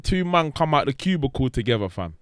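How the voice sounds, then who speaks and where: A man's voice: mid-range voice, sing-song, a little fast, smooth, dry recording, studio quality. A man with a London accent, a guest DJ telling club stories in slangy, laughing chat. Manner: slangy, laughing, acts out voices. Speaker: guest DJ and promoter. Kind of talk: animated storytelling chat.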